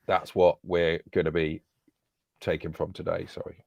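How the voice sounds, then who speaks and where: Brief: male co-host, low voice, easygoing storyteller, very dry close-mic sound. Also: flat delivery, moderate pace, creaky, a little mellow, no room sound. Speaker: podcast co-host. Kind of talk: storytelling on a live podcast stream.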